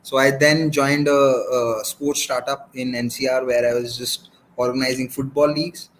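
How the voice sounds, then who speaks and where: A man's voice: medium pitch, level tone, normal speed, a little hiss or hum, rough recording. Rambling Indian cricket analyst, man. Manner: rambling, self-correcting storyteller. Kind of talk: casual chat.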